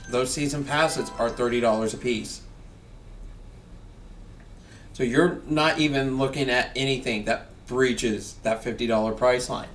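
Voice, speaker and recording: A man's voice: mid-range voice, recorded from a distance. A man hosting casual gameplay commentary, talking emphatically and jokingly, in a somewhat off-mic recording with faint game music. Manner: emphatic, ranting, jokey. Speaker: gaming channel host.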